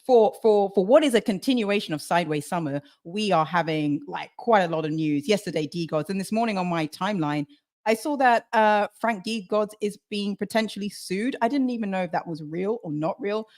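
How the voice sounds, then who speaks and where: A woman co-hosting a podcast, talking in an energetic, chatty way with restarts and easy laughs. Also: medium pitch, fairly quick. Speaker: podcast co-host. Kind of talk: casual crypto podcast chat.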